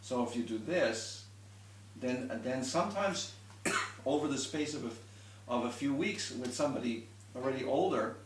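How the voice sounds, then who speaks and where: A violin teacher with an expressive, medium-pitched voice speaks a little slowly in a one-on-one lesson. He explains patiently, demonstrating and restarting as he goes, and the recording is roomy and distant with a little hiss or hum.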